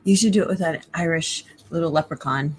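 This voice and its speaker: A woman's voice: deep voice, brisk, slight background noise. A woman co-hosting a livestream, teasing and laughing at her partner. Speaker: co-host. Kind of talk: livestream chat.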